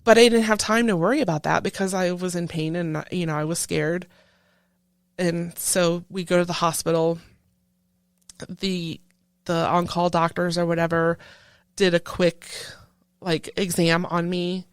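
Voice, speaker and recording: A woman who is a military veteran, telling a painful personal story in an interview in halting speech full of restarts. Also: lowish voice, steady tone, smooth, no echo, studio quality. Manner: halting, with many restarts, recounting a painful memory. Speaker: veteran guest.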